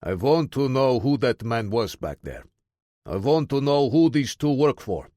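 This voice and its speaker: A man's voice: mid-range voice, sing-song, unhurried, mellow, no echo, studio quality. A man voicing a huge, menacing Russian soldier commander who gives cold orders in a heavy Russian accent. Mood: commanding.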